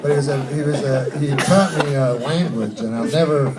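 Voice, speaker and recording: A man doing a rambling, deadpan, profane stand-up set before a live audience. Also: mid-range voice, fairly quick. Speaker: stand-up comedian. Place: large hall, live audience. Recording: distant live mic, loud crowd and noise.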